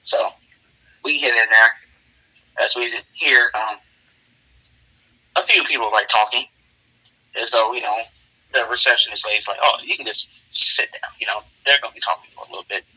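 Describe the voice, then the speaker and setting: A man's voice: mid-range voice, moderate pace, long pauses, bright, forceful tone, slightly rough, low-quality recording. A man casually narrating an improvised role-play story, rambling with lots of fillers.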